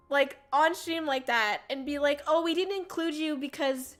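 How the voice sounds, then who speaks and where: A young woman with a high, bright voice tells a story on stream in a loose, rambling way. She fills her talk with "like" and "um", swears freely and laughs often. Faint music plays behind her. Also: unhurried. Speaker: VTuber streamer. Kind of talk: casual storytelling rant.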